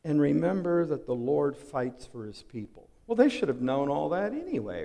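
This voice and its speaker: A pastor preaching a sermon, dramatic and full of rhetorical questions, swinging from hushed to loud. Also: male voice, on the high side, very animated, moderate pace, gravelly, hardly any pauses. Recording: long hall reverb.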